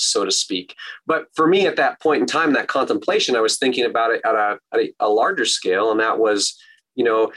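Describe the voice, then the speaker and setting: A man's voice: mid-range voice, fairly bright tone, rough recording. A middle-aged man hosts a conversational interview in a mid-range voice. He muses over a small everyday story, leaning on fillers as he gathers his thoughts, and then turns it over to his guest. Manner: reflective, storytelling with many fillers. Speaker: podcast host.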